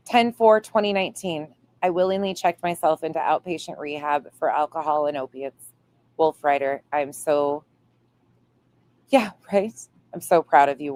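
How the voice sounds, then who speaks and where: Woman host, deep voice, reads chat aloud, playful cussing. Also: a little mellow. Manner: reads viewer comments aloud, swears playfully. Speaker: livestream host reading chat. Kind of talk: casual livestream chat.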